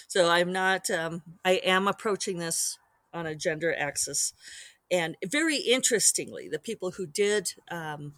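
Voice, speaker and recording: A woman author talking through her work on her own podcast in a chatty, rambling way, with quick asides. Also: lowish voice, a bit bright, no room sound. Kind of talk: casual solo podcast monologue.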